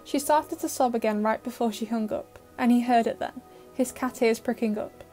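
A woman reads an audio fan-fiction story in a steady, emotive way. Her voice is fairly high, and soft music plays faintly beneath it. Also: normal speed. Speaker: narrator.

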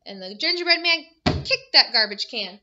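Woman teacher, picture-book read-aloud, animated, quizzing kids, slightly high voice, muffled recording. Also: normal speed, noisy background. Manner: animated, asks the listeners questions.

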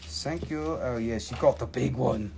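A man hosting a live stone sale stream, joking and rapidly reading out prices and item codes. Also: mid-range voice, creaky, darkish tone, slight background noise. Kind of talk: live stream sales chat.

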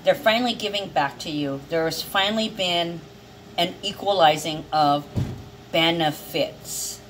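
A woman giving a casual, emotional tarot card reading, chatty and quick to swear. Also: on the low side, fairly bright tone, slight background noise, rough recording.

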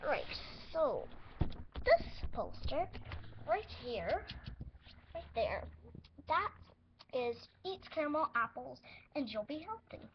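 A loud, goofy duck doctor, played by a woman talks slowly and grandly, pitched high with a lively swing. The toy role-play sounds dull and lo-fi with a faint hiss. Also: full character voice. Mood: showy. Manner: loud, slow, showy bedside talk. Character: goofy male duck doctor with a giant hammer.

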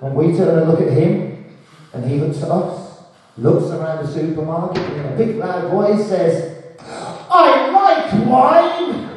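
A man's voice: a little high, normal speed, mellow, a little hiss or hum. A man in his forties performing a stand-up comedy set, telling stories and acting out voices. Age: 40s. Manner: storytelling with acted-out voices. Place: comedy club stage. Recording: echoey hall from far off.

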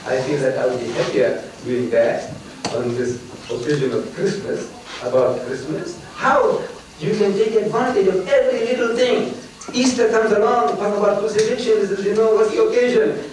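Older man, high voice, lecturing to students, echoey hall, distant mic. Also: fairly even intonation, moderate pace. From South Africa. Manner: storytelling, teasing and emphatic. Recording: echoey hall from far off, noisy.

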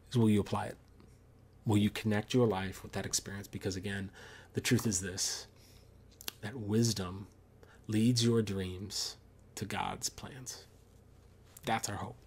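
Earnest low-voiced youth pastor, a man. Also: husky. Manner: earnest, with restarts, reads a story aloud. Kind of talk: sermon. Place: church service streamed online.

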